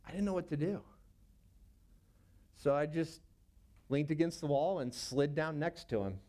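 A man's voice: on the high side, unhurried, dark tone. A man in his thirties, a youth pastor, telling a personal story in a casual, rambling way with many fillers.

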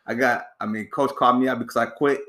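A man's voice: medium pitch, fairly even intonation, fast talker, sharp tone, reverberant, a little hiss or hum. A young adult man hosting a podcast, telling laid-back stories full of slang and swearing in casual chat. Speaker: podcast host.

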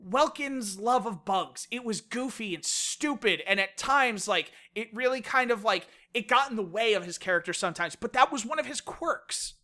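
A woman co-hosting a casual games podcast, animated and laughing, swearing when she gets worked up. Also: fairly high pitch, moderate pace, hardly any pauses. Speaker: podcast co-host. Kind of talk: casual podcast rant about video games.

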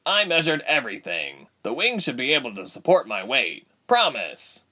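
A man voicing a young male inventor in a storybook reading, casual and lively. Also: mid-range voice, moderate pace, voice pushed up. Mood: easygoing. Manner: casual, then tense and urgent.

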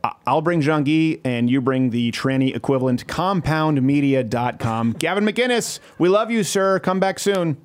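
A man's voice: on the high side, animated, moderate pace. A man from Canada hosting a casual political talk show, joking and laughing often. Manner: jokey, mocking, laughs a lot. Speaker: show host.

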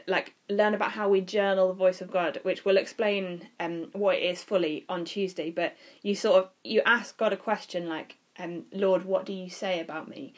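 A woman leading a youth group session, explaining ideas in a chatty, teasing way with lots of fillers. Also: fairly low pitch. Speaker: youth leader. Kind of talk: casual teaching chat.

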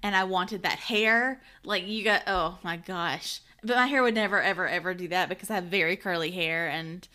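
A woman's voice: on the low side, moderate pace, hardly any pauses, sharp tone. Enthusiastic woman gushing about a film. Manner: enthusiastic, confessional, laughs while talking. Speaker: podcast co-host. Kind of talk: casual movie discussion.

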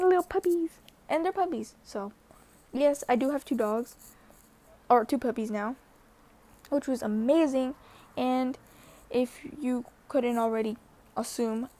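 A woman's voice: high-pitched, dark tone. A young woman vlogger telling a story in a casual, rambling way, full of fillers and restarts.

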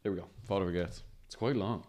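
A man chatting as a podcast guest, eager and repeating himself in quick bursts. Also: deep voice, a little mellow, slight background noise. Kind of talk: casual chat.

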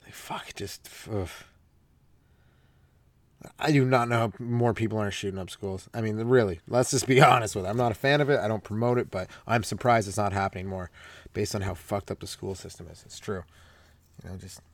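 A man's voice: on the low side, brisk. A young man from Canada, a stand-up comedian hosting a podcast, rambling loosely through his jokes, laughing at them and swearing a lot. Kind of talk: rambling stoned comedy monologue.

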